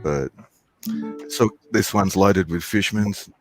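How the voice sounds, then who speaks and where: A low-voiced guitarist chatting in an easygoing way about his instrument. Faint guitar sound lingers behind him. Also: slow pace. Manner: easygoing, explains gear. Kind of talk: casual chat.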